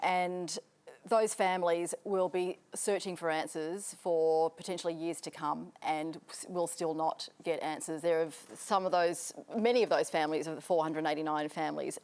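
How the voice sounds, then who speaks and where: A woman, a news presenter on a studio panel, speaking in a measured, serious way. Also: low voice, darkish tone. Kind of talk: panel discussion.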